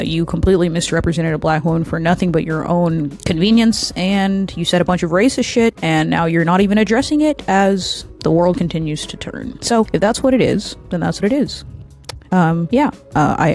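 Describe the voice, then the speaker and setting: A woman's voice: fairly low pitch, darkish tone. A woman giving heated commentary in a vlog, blunt and profane, hammering her points home by repeating them, openly angry. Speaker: political commentator.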